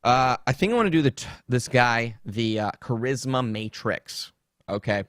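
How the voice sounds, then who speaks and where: A man's voice: medium pitch, normal speed, a bit bright, dry recording, studio quality. A man hosting a podcast, chatting casually with a jokey, rambling, mocking manner. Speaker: podcast host. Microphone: desktop streaming setup.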